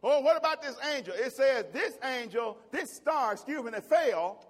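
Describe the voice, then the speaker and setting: High-voiced preacher man in an echoing church. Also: animated, normal speed. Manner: preaching with shouted exclamations and folksy jokes. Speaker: pastor. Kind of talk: fiery sermon. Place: church sanctuary. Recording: long church-hall reverb.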